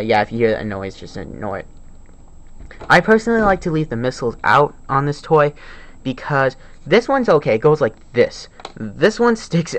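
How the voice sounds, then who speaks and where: A man's voice: mid-range voice, fairly bright tone. A man casually reviewing an action figure at home, talking eagerly with lots of fillers, recorded on a camera set on a tripod. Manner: enthusiastic, rambling with fillers. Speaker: toy reviewer. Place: home room with desk.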